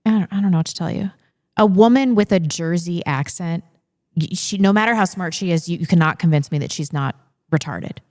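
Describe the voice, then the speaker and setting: A woman's voice: fairly low pitch, brisk, darkish tone. Blunt woman in casual podcast banter. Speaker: podcast host. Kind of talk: casual chat.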